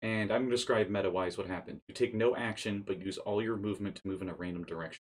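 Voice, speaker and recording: A man's voice: lowish voice, fairly even intonation, fast. A man acting as dungeon master, narrating and calling rolls in a playful manner. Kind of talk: running a tabletop game.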